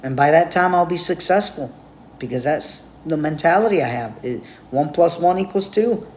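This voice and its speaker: A man's voice: fairly high pitch, expressive, normal speed, slight background noise. A man giving a blunt, profane, rambling monologue straight to camera as a vlogger.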